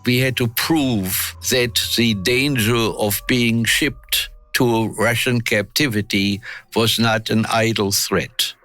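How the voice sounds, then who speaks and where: A man in his nineties from Germany, recounting wartime memories in an interview, unhurried and reflective with frequent hesitations. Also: mid-range voice, fairly even intonation, bright, forceful tone, soft background music. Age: 90s. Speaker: interviewee, war veteran.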